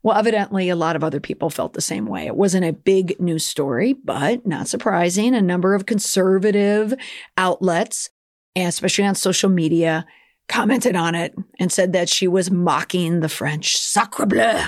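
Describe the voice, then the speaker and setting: A woman hosts a public relations podcast in a chatty, opinionated way and now and then tosses in playful mock accents. Her voice sits slightly low, and it is recorded close and dry with no room sound. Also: moderate pace, no room sound. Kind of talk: casual commentary.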